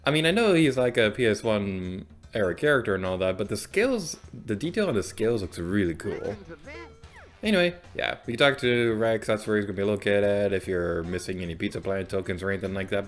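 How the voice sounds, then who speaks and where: A young man hosting a let's play, rambling casually and self-deprecatingly about the game as he plays. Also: sits low. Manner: chatty, rambling, self-deprecating, sudden loud outbursts. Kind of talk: casual gameplay commentary.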